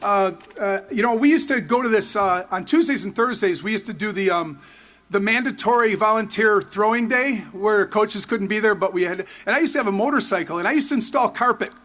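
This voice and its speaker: A man in his fifties giving a rambling, excited tribute speech full of anecdotes and restarts. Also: high-pitched, a little fast. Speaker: former player giving a tribute. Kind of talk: storytelling speech at a memorial.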